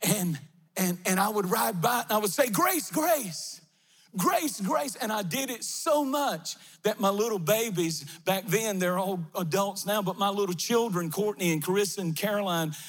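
A man's voice: high voice, normal speed. A male pastor preaching a fervent sermon with chanted, repeated refrains in a large empty sanctuary. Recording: long reverb of a big hall.

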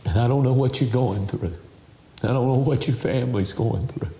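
A man ministering on television, talking with deep emotion and tears, preaching and leading a slow prayer. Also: dark tone, echoey room, slight background noise. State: crying. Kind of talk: televangelist interview and altar call. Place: house.

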